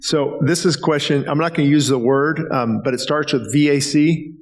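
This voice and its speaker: Pastor host in an echoing hall. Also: male voice, on the high side, normal speed. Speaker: pastor hosting. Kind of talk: casual health Q&A. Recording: long hall reverb.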